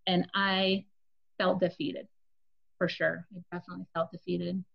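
A woman's voice: lowish voice, flat delivery, moderate pace, gravelly, dull audio. A woman sharing a personal testimony in a casual, confessional storytelling way, speaking directly to her listeners.

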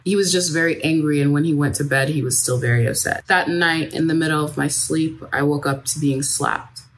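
Woman, low voice, measured reading, first-person account, faint background noise. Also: fairly even intonation. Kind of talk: read first-person statement.

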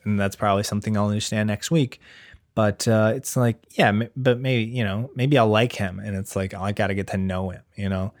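A man in his thirties talks in a loose, rambling comic monologue, riffing on his own nerves about becoming a father. His voice sits on the low side and is recorded close and dry, with no room sound. He keeps slipping into quick put-on quotes and puns. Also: no echo. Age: 30s. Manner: rambling, self-deprecating, wordplay and put-on quotes. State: nervous expectant father. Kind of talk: casual comedic monologue.

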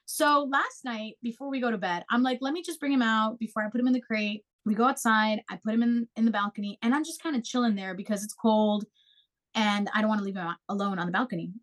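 A young woman co-host telling a story in casual chat, animated and swearing freely as she acts out quotes. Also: on the high side, fast.

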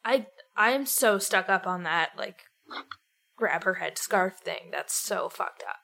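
Young female co-host, bright sharp tone, blunt and frank, interviewer. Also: medium pitch, lively intonation, unhurried, gravelly. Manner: blunt, frank, swears freely. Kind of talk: casual podcast conversation.

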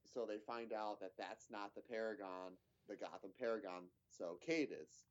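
A man's voice: lowish voice, normal speed, muffled recording. A man in casual chat, recapping a TV episode in a rambling way with lots of fillers and restarts.

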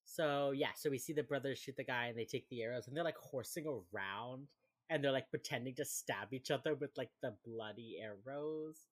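Low-voiced woman recapping TV casually. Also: normal speed. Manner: animated, acts out quotes. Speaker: podcast co-host.

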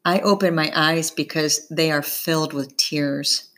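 A woman narrates a novel in the first person, taking her time over each line. Her voice sits a little low, and she slips gently into the characters' dialogue. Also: steady tone, unhurried. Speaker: audiobook reader.

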